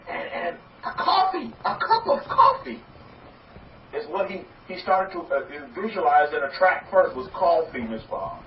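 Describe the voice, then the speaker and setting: Animated rabbi man, echoey distant sound. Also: high-pitched. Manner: animated, acts out quoted voices, repeats words. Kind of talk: sermon-style teaching talk. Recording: echoey, distant, dull and slightly noisy.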